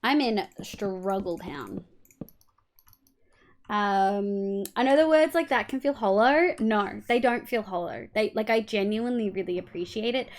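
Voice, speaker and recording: A woman's voice: mid-range voice, a little slow. A young Australian woman streaming a building game, chatting casually, swearing freely and humming little sound effects as she works. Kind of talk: casual livestream chat while gaming.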